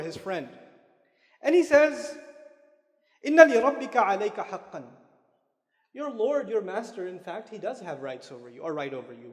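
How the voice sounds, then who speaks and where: A man giving a religious lecture in a relaxed, conversational way, dropping in casual asides and Arabic terms. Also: very high voice. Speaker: Islamic lecturer. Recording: long hall reverb.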